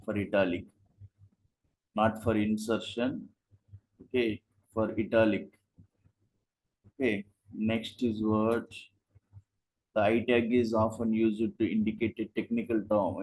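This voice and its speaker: A man's voice: on the low side, level tone, a little slow, long pauses, a little mellow, low-quality recording. A man teaching a live online coding class, explaining in short steps and asking rhetorical questions. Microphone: video call.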